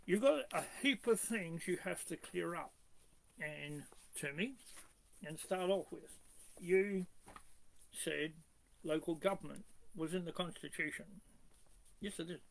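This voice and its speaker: In poor-quality audio, a man with a higher-pitched voice and vocal fry takes on a constitutional expert. He reads the clauses slowly and haltingly, then attacks them with sharp rhetorical questions in a combative tone.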